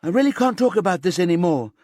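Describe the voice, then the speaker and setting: A man's voice: high voice, very animated, fast, dry recording, clean studio sound, pitched above the performer's own voice. A man voicing a troubled, volatile young woman in an audiobook who whispers and shrieks. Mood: screaming. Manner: hushed whispers flaring into shrieks.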